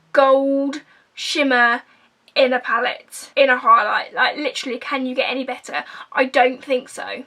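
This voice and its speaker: Bright, high-voiced gushing Essex woman. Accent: Essex English. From England. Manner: gushing, chatty, drops into whispers. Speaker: beauty vlogger. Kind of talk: casual makeup review.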